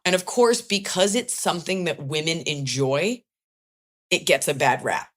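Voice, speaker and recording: A woman with a notably low voice hosts a casual podcast. She tells stories in a wry, chatty way, with plenty of swearing and comic asides. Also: moderate pace. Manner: chatty, wry, profane storytelling. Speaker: podcast host and stand-up comedian. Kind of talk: casual comedic chat.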